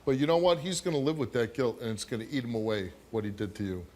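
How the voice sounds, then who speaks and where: A man's voice: mid-range voice, expressive, fast, heavy background noise. A man hosting a talk show in a studio, direct and blunt with his guests.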